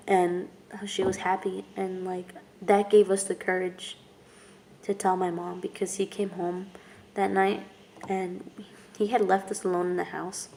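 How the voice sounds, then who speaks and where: A woman telling a painful personal story to camera in a halting, candid way, with many fillers and restarts. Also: lowish voice, gravelly, warm tone, slight background noise. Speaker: vlogger. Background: music playing.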